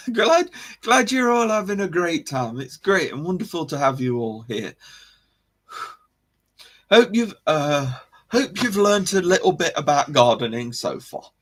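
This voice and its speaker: A man's voice: fairly high pitch, sing-song, a little slow, a bit bright. A man hosting a casual live stream, rambling about history, correcting himself and chuckling as he greets viewers.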